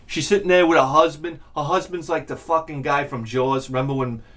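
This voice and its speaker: A man's voice: a little high, brisk. A middle-aged man, telling a profane, exasperated story as a vlog host. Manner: profane, exasperated, animated ranting. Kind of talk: ranting comedic storytelling.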